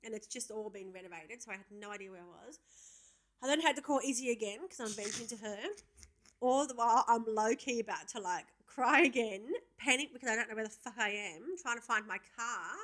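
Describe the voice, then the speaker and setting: Animated woman, bright voice. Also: a little high, a little fast. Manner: animated storyteller, swears freely. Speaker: podcast co-host. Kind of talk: casual chat.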